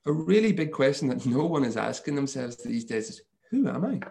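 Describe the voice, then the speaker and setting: A man talks casually as a podcast guest, speaking as a mindset coach. He tells stories with animation and voices his own thoughts in quoted lines, in a voice of middling pitch for a man. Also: fairly quick, creaky, dark tone.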